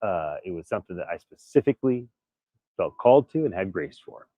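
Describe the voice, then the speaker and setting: With a low, sing-song voice and a fairly quick pace, a man vlogging his recovery from illness shares a personal story earnestly and casually to camera. He's candid, prone to restarts and small laughs. The sound is phone quality with no echo.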